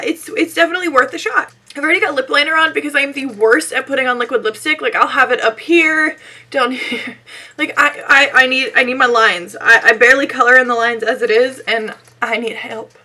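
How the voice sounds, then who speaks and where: Young female beauty vlogger, high and bright but hoarse and scratchy from illness; casual, chatty tutorial delivery. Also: brisk. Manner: chatty, self-deprecating, frequent "like". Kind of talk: casual makeup tutorial chat.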